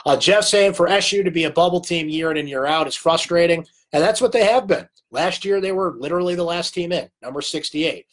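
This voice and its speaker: A man's voice: fairly high pitch, a little fast, hardly any pauses. A man with a cold hosting a live sports recap, talking conversationally and answering viewer comments by name. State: has a cold. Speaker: sports talk host.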